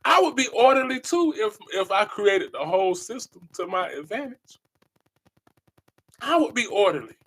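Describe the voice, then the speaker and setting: A podcast host with a strikingly high voice delivers an impassioned monologue, preaching with emphasis and returning to the same phrases repeatedly to drive his points home. His intonation is lively and his pace moderate, with a fairly bright tone and a breathy edge.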